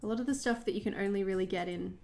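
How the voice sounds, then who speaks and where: A woman's voice: medium pitch, rapid-fire, vocal fry, a little mellow, soft background music. A young Australian woman hosting a journaling livestream, chatting casually with viewers while she paints, laughing often.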